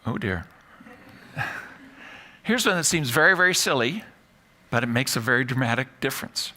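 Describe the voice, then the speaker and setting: A man's voice: mid-range voice, expressive, normal speed, pushed and bright. A man, a psychology professor, giving a live talk to an audience in a playful, self-mocking way. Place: stage before a live audience.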